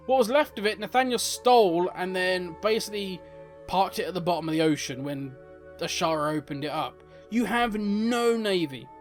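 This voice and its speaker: A man hosting a casual, opinionated commentary on game lore, often exasperated. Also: high-pitched.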